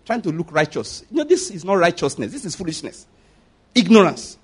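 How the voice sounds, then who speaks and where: Emphatic high-voiced preacher man. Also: big pitch swings, brisk, husky. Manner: emphatic, repeats questions to the congregation, swings between loud and hushed. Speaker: pastor. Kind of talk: sermon.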